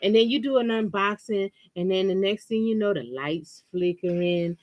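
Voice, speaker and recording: A woman's voice: medium pitch, moderate pace, darkish tone, no echo, lo-fi sound. Woman, chatty live-stream co-host, casual, jokes and acts out scenes.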